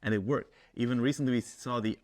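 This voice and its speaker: Measured man hosting a tech podcast. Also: medium pitch, fairly even intonation, darkish tone. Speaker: podcast host. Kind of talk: interview questions.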